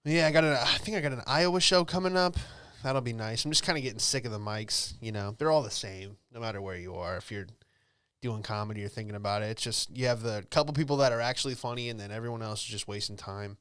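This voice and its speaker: A man's voice: mid-range voice, fast, a bit bright, smooth, no echo, studio quality. A young man, a comedian, riffing casually through a solo comedy monologue in a rambling, offhand way, with lots of fillers. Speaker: comedian and podcast host.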